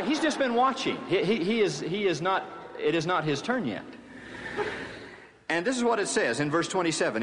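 A man's voice: on the high side, fairly bright tone, slight background noise. A man giving a sermon, reading scripture aloud and adding playful, wry commentary with chuckles. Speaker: speaker giving a scripture talk. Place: large hall or tabernacle. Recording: distant hall reverb, faint ambience.

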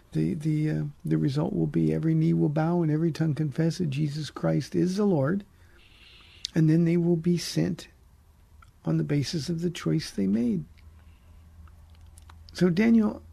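A man's voice: a little high, creaky, dark tone, breathy edge. A middle-aged man, a pastor, answering listener questions about the Bible on a radio program in an earnest, emphatic way, often restarting his sentences. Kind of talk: radio call-in Bible teaching.

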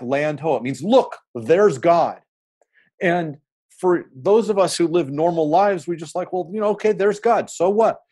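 A man's voice: medium pitch, warm tone. A man, a pastor, talking earnestly in a reflective podcast, telling stories with frequent restarts.

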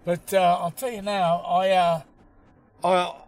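Australian male comic in his fifties, slightly high voice, loose rambling storyteller, street traffic behind. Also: flat delivery, slow, poor audio. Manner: rambling storyteller, lots of fillers. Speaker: comedian podcast co-host. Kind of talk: casual chat.

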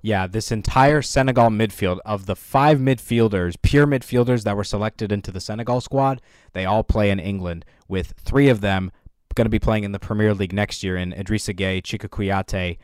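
Low, smooth-voiced man hosting a podcast. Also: moderate pace, no echo, clean studio sound. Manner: fact-heavy, with filler ums and uhs. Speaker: podcast host. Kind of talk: casual sports podcast analysis.

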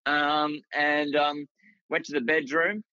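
A man's voice: on the high side, flat delivery, slow, bright, forceful tone, clear, resonant tone, no echo, highs cut off. An Australian man telling rambling anecdotes as a guest, with many restarts and fillers. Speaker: guest, writer and actor. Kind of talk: casual storytelling in a podcast interview.

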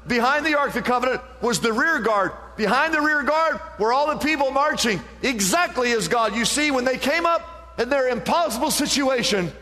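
High-voiced impassioned preacher in a reverberant hall. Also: male voice, animated, normal speed, sharp tone. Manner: impassioned preaching, rising pitch on emphasis. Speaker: pastor. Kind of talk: sermon.

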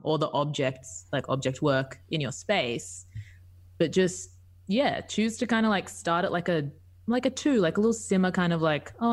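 Animated woman, low voice. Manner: animated, lots of fillers. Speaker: guest improv teacher. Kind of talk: casual chat.

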